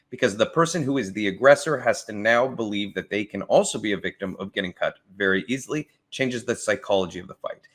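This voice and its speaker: A man's voice: medium pitch, a bit bright. Enthusiastic man reacting to martial arts. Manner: enthusiastic, thinks aloud with frequent restarts. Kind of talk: casual reaction commentary.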